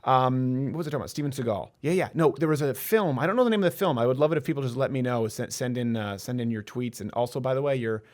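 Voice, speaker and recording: Fast-talking male talk show host. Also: medium pitch. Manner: fast, animated delivery with sudden loud bursts. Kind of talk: casual talk-show chat.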